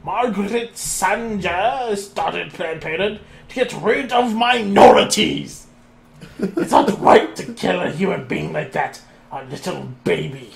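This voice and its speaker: A man voicing a cranky old man who rants slowly and indignantly about taxes. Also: sits high, lively intonation, vocal fry, a crowd in the background, exaggerated voice. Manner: slow, indignant ranting.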